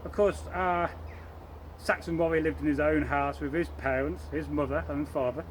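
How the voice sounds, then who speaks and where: A man telling an old folktale aloud to listeners, lively and rambling, correcting himself as he goes. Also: fairly high pitch, moderate pace, slight background noise, rough recording. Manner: speaks to listeners, points to props. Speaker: storyteller. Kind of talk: live oral folktale telling.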